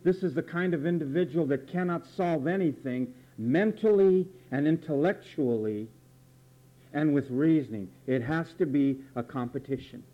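A man delivers a sermon in a fairly high voice, emphatic and repetitive. He drills word definitions and keeps asking rhetorical questions. The sound is muffled, like an old lo-fi tape. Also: normal speed. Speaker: preacher. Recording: dull lo-fi recording.

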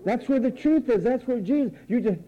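A man's voice: very high voice, animated, fairly quick, lo-fi sound. A man preaching a sermon, theatrical, acting out voices and repeating phrases for effect.

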